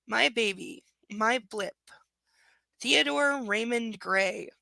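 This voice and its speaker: A woman's voice: fairly high pitch, slow pace, vocal fry, pushed and bright, dry recording. A young woman reading a romance novel aloud live, breaking off for sarcastic, profane commentary. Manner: snarky, profane commentary between passages. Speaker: book reader.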